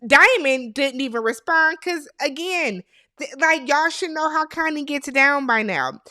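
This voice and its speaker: Woman, high-pitched, sharp bright tone, gossipy recap chat, opinionated. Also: unhurried, no echo, clean studio sound. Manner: animated, opinionated, talks straight to viewers. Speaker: TV show recap host. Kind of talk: casual gossipy show recap.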